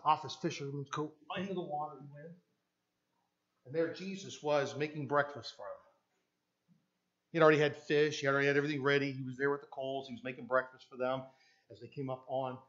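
A man preaching a sermon as pastor with a Canadian English accent, moving from hushed tones to loud emphatic passages and acting out the voices in his stories. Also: mid-range voice, steady tone, fairly quick, highs cut off.

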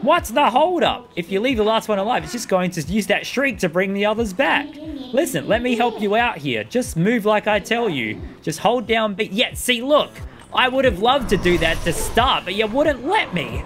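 A man's voice: sits high, very animated, moderate pace, a bit bright, pitched above the performer's own voice. A man voicing a mischievous female imp sidekick who talks in a smug, teasing way. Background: game music.

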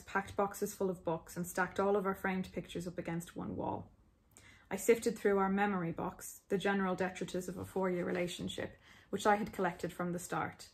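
A woman reads her own book aloud at a medium pitch. Her storytelling is intimate and expressive, and she stays close to the listener. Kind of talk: reading her memoir aloud.

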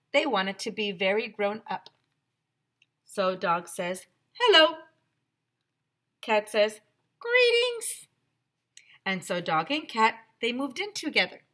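A woman teacher reading a picture book aloud to children, expressive and gasping with excitement, with chatty asides to the class. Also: medium pitch.

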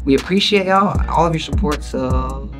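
A man's voice: a little high, moderate pace. Enthusiastic man over music. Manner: enthusiastic, upbeat. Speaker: rap coach and collaborator.

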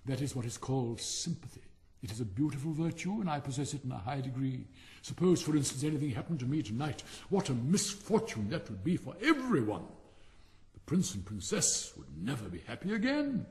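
A man's voice: medium pitch, big pitch swings, a little fast, darkish tone, big-room sound. A man voicing a vain, touchy male firework rocket in a haughty, theatrical manner for a storybook. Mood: indignant. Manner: haughty, self-important, theatrical.

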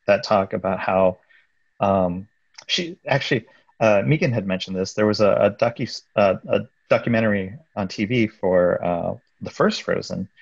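A man's voice: sits low, gravelly, husky, no room sound, highs cut off. A man, a supervising animator, answering at a press conference panel, hesitant with many fillers and restarts.

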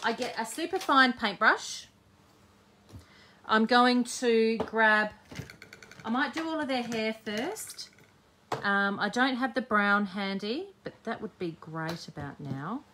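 A woman's voice: a little high, animated, slow pace, bright, forceful tone, a little hiss or hum. A woman hosting a live-streamed crafting demo, chatting cheekily with her viewers as she works. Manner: chatty, cheeky, talks while working. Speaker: scrapbooking host.

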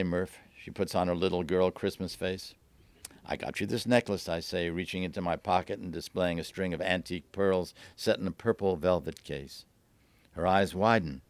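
A man reading aloud from his own novel at a bookstore event, lively, lifting his voice for the dialogue. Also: dry recording. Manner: lively, voices the dialogue with raised pitch and quick asides.

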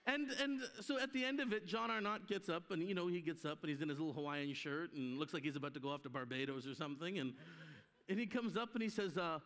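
Speaking quickly in a voice on the high side, a man preaches at a conference as a guest, full of animation as he tells stories and performs each character's voice. The audio comes from a church hall live stream, with a long hall reverb trailing his words.

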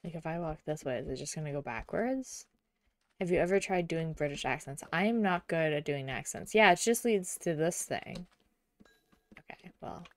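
A woman's voice: sits low, animated, normal speed, no room sound. Giggly young woman streaming a game. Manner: chatty and giggly, often murmuring quietly to herself. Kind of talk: casual gameplay chat.

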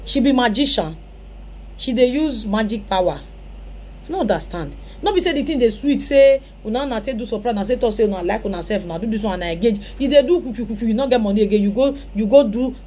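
Woman, Nigerian Pidgin accent, mellow low-bright tone, scolding, faint background hiss. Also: animated, a little fast. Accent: Nigerian Pidgin English. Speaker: commentator. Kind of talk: commentary reacting to a clip.

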